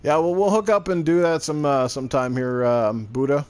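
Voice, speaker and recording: A man's voice: fairly high pitch, steady tone, moderate pace. A middle-aged man chatting casually while streaming a game, rambling and swearing freely. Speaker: gaming streamer. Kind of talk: casual chat while gaming.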